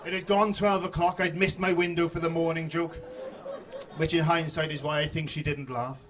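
A married man doing a deadpan stand-up routine on a club stage, dropping quiet asides. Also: fairly high pitch, moderate pace, crowd noise. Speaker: stand-up comedian.

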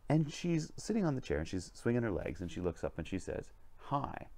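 A man hosting a vlog, telling a story in a conversational, animated way from inside a vintage train lounge car. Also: fairly low pitch, fast talker. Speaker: vlog host and leadership speaker.

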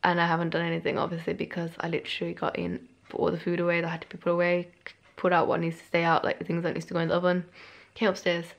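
Speaking very fast in a lowish, creaky voice with a completely flat delivery, a tired young woman rambles to camera from her bedroom. It's a casual vlog chat; she's chatty and self-deprecating and a bit out of breath.

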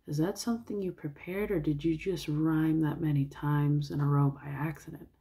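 Woman voicing a scornful, grumpy man, low and dry. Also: steady tone, moderate pace, mellow, breathy edge.

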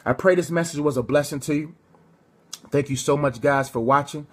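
A man preaching a livestreamed sermon, impassioned, swinging between fervent and hushed delivery. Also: on the high side, brisk, breathy edge. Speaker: preacher and coach. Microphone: phone or webcam on a live stream.

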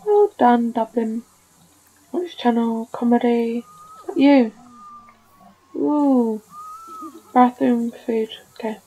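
A woman's voice: a little high, very slow, long pauses, mellow, lo-fi sound. A woman giving casual commentary while she plays a life-simulation game, scolding and coaxing her characters like a fussing parent. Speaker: gaming video creator.

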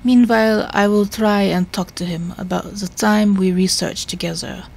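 A woman voicing a formal, earnest male Victorian doctor in a video game, measured and grave. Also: medium pitch, fairly even intonation, vocal fry, a little mellow, breathy edge.

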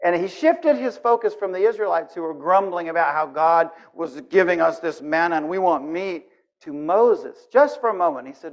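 A male preacher with a fairly high voice gives an animated, conversational sermon in a church, drifting easily into acted-out scenes. The recording sounds a little dull and muffled. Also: normal speed.

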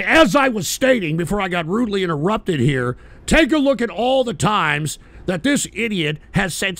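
High-pitched, gravelly ranting male host. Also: big pitch swings, normal speed, few pauses, dry recording. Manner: profane, combative, shouting tirades. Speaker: show host. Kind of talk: live call-in talk show rant.

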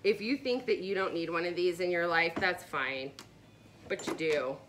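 A woman's voice: lowish voice, normal speed, background noise. A woman vlogger chatting casually and enthusiastically about her favorite products, with rambling asides. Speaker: beauty vlogger.

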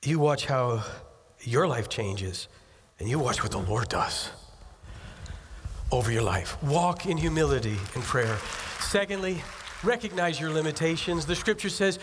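Male pastor, conversational preacher who acts out asides, slightly high voice, recorded in a reverberant sanctuary. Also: lively intonation, measured pace, a little hiss or hum. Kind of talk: sermon. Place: church sanctuary. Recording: long hall reverb.

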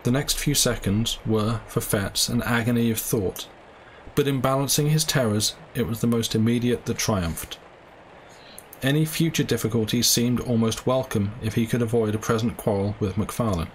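A man reads a classic story aloud in a measured, steady voice of ordinary middle pitch. A faint ambient hum sits under his narration. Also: low-quality recording. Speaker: audiobook reader. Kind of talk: live reading of a classic story.

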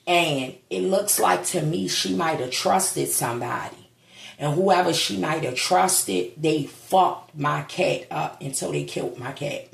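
A grieving woman talks slowly and heavily in a gravelly, low-set voice, holding back tears as she speaks. She is blunt and swears. The sound is echoey, as if from a bare room at home. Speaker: vlogger. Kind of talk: casual vlog monologue.

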